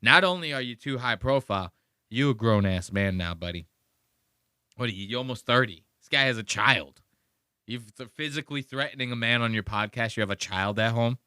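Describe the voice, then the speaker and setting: A podcast host delivers a profane, mocking rant about a clip he is playing. His voice is bright and forceful. The sound is dry and close, with little room in it. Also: medium pitch, fairly quick, smooth, dry recording. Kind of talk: casual commentary on a played clip.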